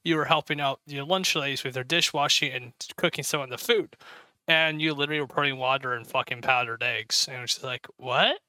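Podcast cohost dude, super bright smooth voice, dry close mic, swears casually. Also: male voice, medium pitch, fast, no echo. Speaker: podcast co-host. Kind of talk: casual chat.

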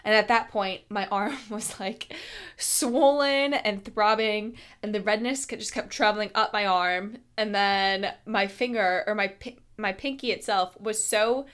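A young woman in her twenties, a podcast host telling a personal story in a casual, animated way, laughing often and using lots of fillers. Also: medium pitch, measured pace, clean tone.

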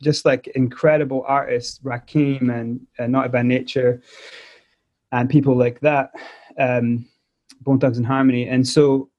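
A man with a Scottish accent still tinged by South Africa, speaking at a medium pitch for a man. He rambles through his story with restarts and fillers. The audio sounds a bit dull and lo-fi. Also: flat delivery, measured pace, darkish tone. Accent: Scottish with South African traces. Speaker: podcast guest, musician. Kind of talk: casual interview storytelling.

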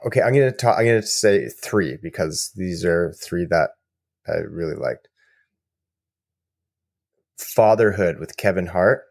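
Low-voiced man chatting casually. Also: a little slow, gravelly, pauses often, no echo, clean studio sound. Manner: rambling, animated storyteller with fillers. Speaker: podcast co-host. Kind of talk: casual chat.

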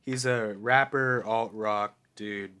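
A young man with a low voice talks on a podcast. He tells an easygoing story with relaxed pauses and some hesitation. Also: smooth. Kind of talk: casual chat.

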